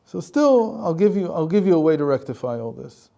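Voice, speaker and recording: Man voicing a wise old rebbe, calm, forgiving, measured, gravelly. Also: fairly high pitch. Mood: reassuring.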